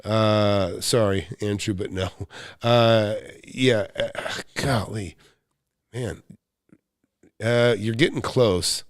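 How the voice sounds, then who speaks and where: A real estate coach from the US, middle-aged, runs a live Q&A stream on making money, chatting with viewers bluntly, cursing occasionally and restarting often. He speaks extremely slowly with long pauses, his voice fairly low and steady in tone. The studio recording is clean with no room sound.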